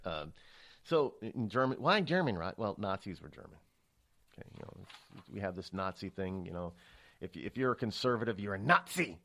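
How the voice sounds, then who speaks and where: A man's voice: low-pitched, a little fast. A man hosting a talk radio show, speaking in a rambling, emphatic monologue full of restarts and stammers. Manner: animated, emphatic delivery.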